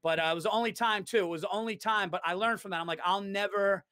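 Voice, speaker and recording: A stand-up comedian chats on a podcast, his voice sitting fairly high. The sound is dry and close, with no room around it. He tells stories with energy, acting out the lines of the people in them. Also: rapid-fire, no echo. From New York. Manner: animated storyteller, swears freely, acts out quotes. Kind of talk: casual podcast chat.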